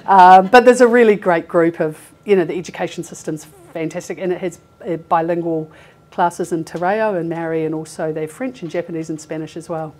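A healthcare recruiter in her forties gives a chatty, informal presentation to a live audience in a meeting room, laughing often and using lots of fillers. Her voice is lowish, steady, brisk, and darkish in tone.

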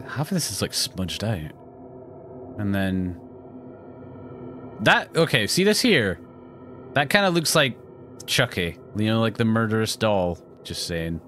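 A man's voice: on the low side, sing-song, takes it slowly, long pauses, fairly bright tone, faint music behind. A Scottish man with a self-mocking, joking manner, commentating a horror game. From Scotland. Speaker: gaming YouTuber. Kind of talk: let's play commentary.

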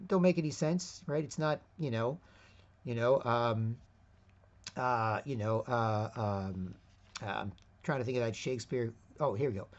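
A man's voice: medium pitch, moderate pace, a little mellow. A man hosting an online show, talking in a rambling, unscripted monologue full of fillers and restarts. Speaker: host. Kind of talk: casual monologue. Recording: slightly dull lo-fi audio.

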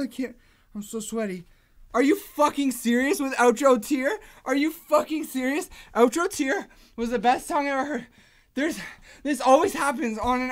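Young-sounding woman vlogger, high voice, frantic and teary, swears freely. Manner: excited, shouting, swearing a lot. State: overwhelmed, near tears. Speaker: reaction vlogger. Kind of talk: music reaction video.

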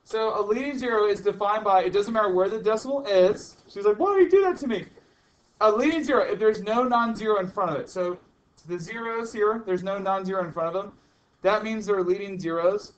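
A man's voice: high-pitched, brisk, lo-fi sound. A male chemistry teacher lecturing a class, chatty and teasing, repeating the key points. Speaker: high school chemistry teacher.

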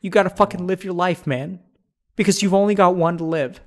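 A man's voice: sits high, a little fast. A man streamer giving an earnest, pleading motivational speech with casual swearing. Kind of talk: motivational pep talk on stream.

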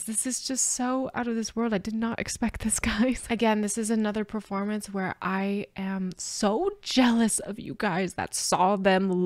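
A woman filming a music reaction, speaking straight to her viewers in a middle-pitched voice. She sounds overwhelmed and a little teary, stumbling over restarts and breaking into soft laughs. The sound is close and dry, with no room echo. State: teary after crying. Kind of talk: casual reaction commentary to camera.

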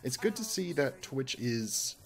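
A man's voice: medium pitch, sing-song, measured pace, soft background music. A man from Oklahoma chatting casually and rambling while he plays a game on a live stream. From Oklahoma, United States.

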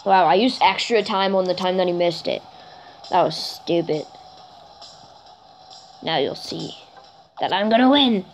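Excitable chatty woman gamer. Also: a little slow, long pauses, faint music behind. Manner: excitable and chatty, jumps to high squeals over goals; self-conscious, keeps apologizing for freaking out. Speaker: gaming channel creator. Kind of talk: let's play commentary.

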